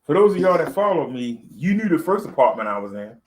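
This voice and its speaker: A man's voice: a little high, sing-song, quick pace, slight background noise, poor audio. A man, talking to camera in a loose, rambling vlog, full of fillers and repeats. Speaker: vlogger. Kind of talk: casual talk to camera.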